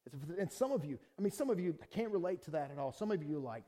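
A man's voice: a little high, sing-song, brisk. Fervent pastor preaching to his church. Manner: conversational preaching, swings from quiet to shouting. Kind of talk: sermon with personal testimony.

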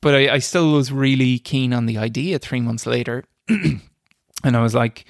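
Man, young adult, gravelly voice, dry close sound, laughs at himself, casual interview. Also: medium pitch, moderate pace, no room sound. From Ireland. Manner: self-deprecating, laughs while telling stories, frequent restarts. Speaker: screenwriter guest.

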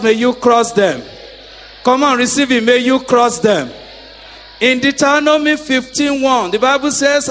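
Preaching in an echoey hall, a middle-aged man with a very high voice leads his congregation in repeating after him. As the sermon goes on, he rises to shouting.

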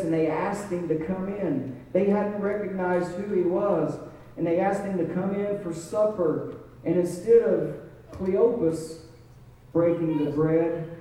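A man's voice: sits high, dark tone. A man preaching a sermon, telling the story dramatically with a voice that rises and falls. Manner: dramatic storytelling, voice rising and falling. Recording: echoey hall, mic far off.

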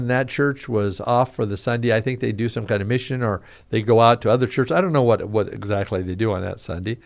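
A man preaching a radio devotional, reading scripture aloud and acting out the quotes with animated emphasis. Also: medium pitch, vocal fry. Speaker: radio pastor.

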